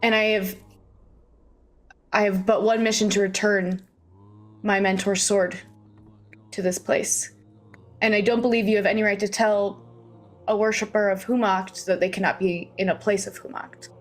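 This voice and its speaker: A woman voicing a young apprentice priestess in a tabletop game, speaking in earnest, measured declarations. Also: medium pitch, little pitch movement, natural voice. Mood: defiant.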